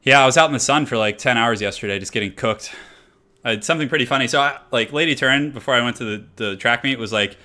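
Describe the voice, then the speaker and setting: A man streaming a strategy game, talking easily through his choices and breaking into quick laughs. His tone is bright and a little forceful, in a mid-range voice. He keeps it loose and conversational throughout. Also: medium pitch. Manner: chatty, thinks aloud, laughs often. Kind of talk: casual live-stream commentary.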